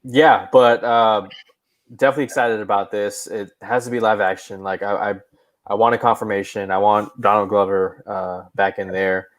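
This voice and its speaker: A man's voice: on the low side, fairly even intonation, moderate pace. A man co-hosting a casual podcast chat, hesitant and full of fillers. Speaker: podcast co-host.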